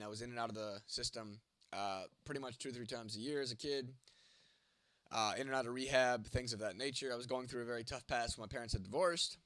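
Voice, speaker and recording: A man's voice: mid-range voice, fairly bright tone, no echo. Congested, foul-mouthed young man. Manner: blunt, swears constantly, teasing. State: congested, voice going from a cold. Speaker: livestream host answering chat. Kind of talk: casual profane chat.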